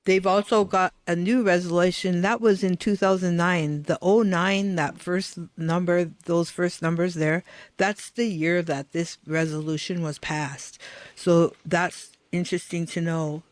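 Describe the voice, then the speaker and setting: A woman co-hosting a podcast, explaining document details in a halting way, often restarting her words. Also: fairly low pitch, fairly even intonation, no room sound. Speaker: podcast co-host. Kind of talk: podcast talk, reading out documents.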